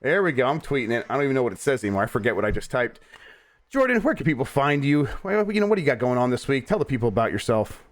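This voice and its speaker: A man's voice: mid-range voice, big pitch swings, racing. Tired man hosting, rambling. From United States. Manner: rambling, stumbles and restarts, laughs easily. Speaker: host. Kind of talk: casual chat.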